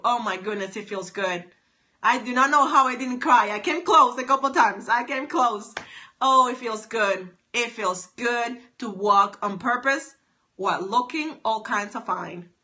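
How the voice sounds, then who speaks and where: Bright upbeat woman streaming live. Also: medium pitch. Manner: upbeat, repeats herself, addresses viewers by name. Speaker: stylist and author hosting a livestream. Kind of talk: live-stream chat with viewers. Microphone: phone.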